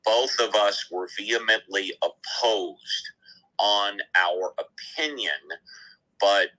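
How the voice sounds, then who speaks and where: A man moderating an online audio chat room, speaking in a measured, storytelling way. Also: low-pitched, bright, forceful tone, low-quality recording.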